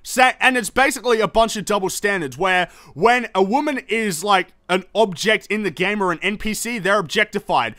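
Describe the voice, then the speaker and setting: A young man rants into the mic with a high, bright, tense voice, swearing freely and sounding fed up. The sound is close and dry, with no room around it. He speaks as the host of an opinionated gaming commentary show. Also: normal speed, few pauses, dry recording. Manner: heated, profane, exasperated.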